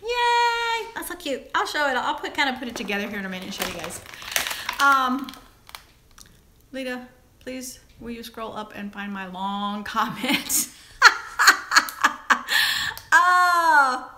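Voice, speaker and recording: A woman hosts a relaxed live stream, reading out viewer comments and unboxing little toys. Her voice is high and bright and swoops up and down, full of giggles and delighted gasps. A faint background hiss sits under her talk. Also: a little slow, long pauses. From Southern United States. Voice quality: giggly, exclamatory, high and animated. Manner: reads viewer comments aloud, gasps and squeals over small toys. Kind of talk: casual live chat while unboxing toys.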